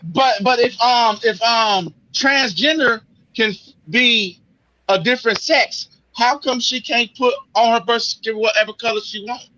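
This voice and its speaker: A man in a casual group chat, talking haltingly and playfully, with many restarts. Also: extremely high pitch, pushed and bright, dull audio.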